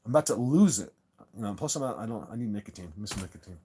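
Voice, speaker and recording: A man's voice: lowish voice, animated, very fast, noisy background. Rambling, insistent man chatting with viewers. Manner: rambling, with many restarts and repeated words; earnest and insistent. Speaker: channel host talking to live chat viewers. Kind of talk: casual livestream chat.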